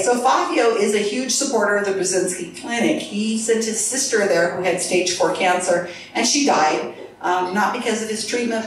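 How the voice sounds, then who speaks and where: A woman's voice: medium pitch, slight background noise. A woman giving an earnest live talk with slides, speaking to an audience in a lecture room. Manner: earnest, talks to the crowd. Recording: echoey room from far off.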